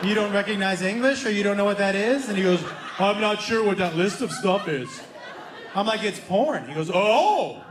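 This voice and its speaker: High-voiced, animated stand-up comedian man. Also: normal speed, noisy background. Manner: animated, profane, acts out both sides of a dialogue. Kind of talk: stand-up storytelling. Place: stage before a live audience. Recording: echoey stage with live audience laughter.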